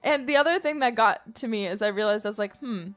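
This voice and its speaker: A woman's voice: a little high, quick pace, faint music behind. A young woman streaming, chatting casually in a playful, rambling way with theatrical bursts. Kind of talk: casual live-stream chat.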